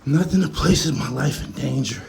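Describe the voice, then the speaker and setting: A man's voice: mid-range voice, normal speed, creaky, very noisy. A man hosting a casual travel vlog on an outdoor hiking trail, a bit winded, talking bluntly and jokingly into a handheld phone. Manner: blunt, joking, profane talk. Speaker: vlogger host.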